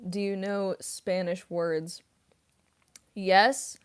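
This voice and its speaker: Brief: young woman streamer, slow laid-back delivery, rambling, giggly, mid-pitched. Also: level tone, clear, resonant tone. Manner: rambling, frequent fillers and giggles. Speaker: voice actress and singer streaming. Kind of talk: casual livestream Q&A chat.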